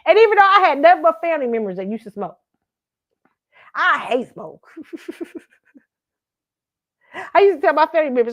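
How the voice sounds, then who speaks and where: A woman hosting a casual pop culture commentary show, animated and laughing often, swearing freely and acting out her own reactions. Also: high voice, measured pace, pauses often, muffled recording. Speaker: host.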